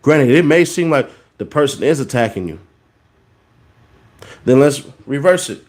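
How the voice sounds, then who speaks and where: A man's voice: medium pitch, animated, unhurried, a little mellow. A man in his thirties hosting a podcast, giving a casual, preachy monologue and repeating words for emphasis. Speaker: podcast host.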